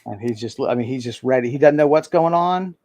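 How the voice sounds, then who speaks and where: A man narrating a tabletop game as game master, halting and full of ums. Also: medium pitch, expressive, a little mellow.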